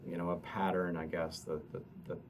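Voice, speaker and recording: A man, an economist, explaining survey results at a press conference in a halting way, often repeating words. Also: low-pitched, level tone. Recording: distant mic with noticeable noise.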